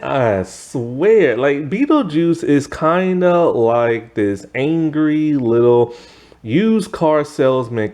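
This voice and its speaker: A male reviewer chats through a film in a casual, rambling way, peppering everything with "like" and "man." His voice sits at an ordinary middle pitch with a dark, mellow tone. He is blunt and opinionated. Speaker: movie reviewer. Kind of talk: casual spoken movie review.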